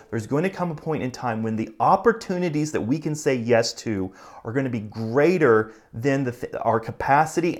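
A male pastor delivering a sermon in an earnest, conversational way. His voice sits at an ordinary middle pitch, and his pace swings between quick bursts and slow, stressed phrases. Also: a little mellow. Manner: conversational preaching, earnest, speeds up and slows for emphasis.

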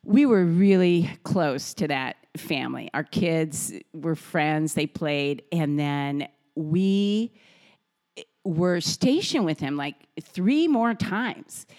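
A middle-aged woman co-hosting a podcast from a home kitchen, telling stories casually with lively energy and frequent laughter. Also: low-pitched, slow pace. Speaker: podcast co-host. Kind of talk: casual storytelling.

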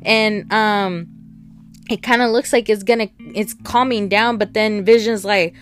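A chatty woman rambles through a TV episode recap, slipping into the characters' lines as she goes. Her voice sits at a middle pitch, with soft guitar music playing faintly behind her. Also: steady tone, unhurried. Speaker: TV show reviewer. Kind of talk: casual recap and review.

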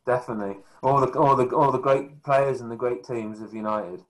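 Podcast host guy, mid pitch voice, friendly intros. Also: a little fast, rough recording. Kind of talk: interview hosting.

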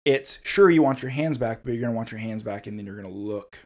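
A man co-hosting a relaxed podcast about games. His voice sits at an ordinary middle pitch and climbs when he gets excited. He slows into a steady storytelling read when he reads a passage aloud. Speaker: podcast co-host. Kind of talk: casual chat about a video game.

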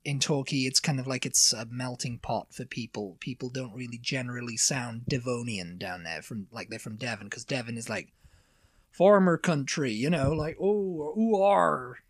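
A man's voice: medium pitch, dry recording, studio quality. Man, chatting casually. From England. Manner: rambling, stop-start, slips into quick accent impressions. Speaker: podcast co-host. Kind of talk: casual chat.

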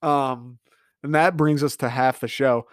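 A young man riffs on a dating show in a casual podcast recap, sarcastic and profane, tossing out mocking asides. His voice sits in a middle pitch. The sound is dry and close, with no room around it. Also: fairly even intonation, a little slow, no echo. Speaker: podcast host.

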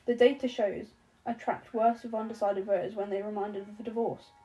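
A woman reading an audiobook, voicing a sharp-tongued middle-aged woman president who talks in clipped bursts and swears. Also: mid-range voice, fairly even intonation, a little fast, lightly acted, rough recording. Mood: furious. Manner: shouting, clipped and cursing.

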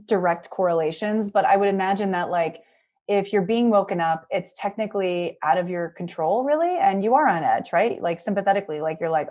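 A woman guesting on a podcast as a sleep expert, chatty and animated, filling her speech with "like". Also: mid-range voice, fairly quick. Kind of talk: casual podcast chat.

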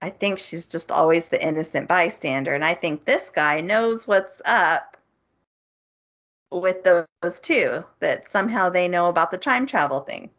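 A woman co-hosting a podcast, recapping a show's plot in a casual, animated way and acting out the characters' lines. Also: on the low side, unhurried. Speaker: podcast co-host. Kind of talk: casual chat. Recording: muffled lo-fi audio.

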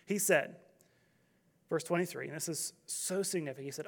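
Guy with a highish voice preaching, relaxed storytelling sermon with jokes. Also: normal speed, vocal fry, long pauses. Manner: conversational storytelling with humor. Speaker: pastor.

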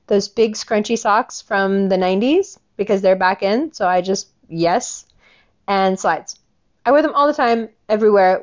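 A woman in her forties in a casual, profane, angry monologue, acting out other people's lines as she retells a story. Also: lo-fi sound. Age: 40s. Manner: profane, animated, quotes people in lowered voices.

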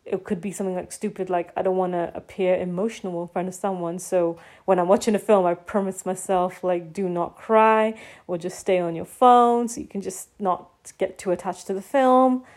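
A woman's voice: on the low side, steady tone, brisk, few pauses, a little mellow. A young woman vlogging in a casual, confessional monologue, rambling and full of fillers like "like" and "you know.".

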